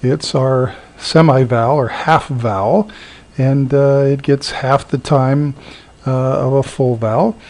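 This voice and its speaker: Male instructor, gravelly low-mid voice, hesitant lecturing with lots of fillers, repeats words to show pronunciation. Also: steady tone, a little mellow. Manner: halting, many fillers, repeats words slowly to model sounds. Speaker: teacher. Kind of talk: recorded lecture.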